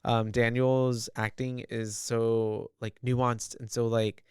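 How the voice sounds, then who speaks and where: Guy on a podcast chatting about a movie, laid back, kinda meandering, super clear dry mic. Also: medium pitch, slow, dry recording. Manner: relaxed and meandering, trailing off mid-sentence. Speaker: podcast co-host. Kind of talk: casual chat recapping a film.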